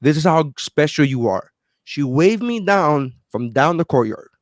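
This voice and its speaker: A man in his thirties chatting on a podcast, telling stories with lots of life and slipping into other people's voices as he goes. His voice sits a little high for a man. The sound is dry and close, with no room around it. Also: measured pace, no echo. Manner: animated storyteller, acts out voices of others. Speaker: podcast co-host. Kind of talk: casual chat.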